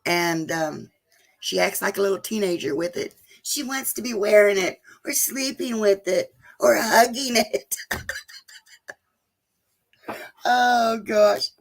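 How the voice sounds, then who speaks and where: Lady chatting on a live stream, slow and kinda gravelly, reads out viewers' names. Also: mid-range voice. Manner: emotional, chatty, talks to viewers by name. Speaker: vlogger hosting a live chat. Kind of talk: casual live-stream chat.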